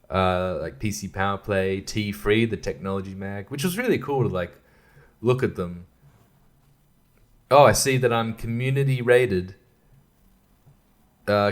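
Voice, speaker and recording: A man hosting a podcast, rambling casually with profane, exasperated rants. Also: lowish voice. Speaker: podcast host.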